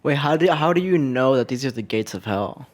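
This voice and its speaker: Casual speaker asking halting questions. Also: medium pitch, expressive. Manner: casual, halting questions with restarts, says "dude". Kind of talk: casual chat.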